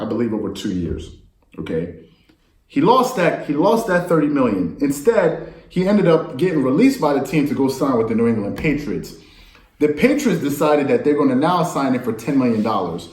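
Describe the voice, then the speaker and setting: A man's voice: on the high side, very animated, moderate pace, darkish tone, roomy sound. A man talking casually about sports news, rambling and incredulous, speaking straight to his viewers. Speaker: sports commentator. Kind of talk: casual sports talk monologue.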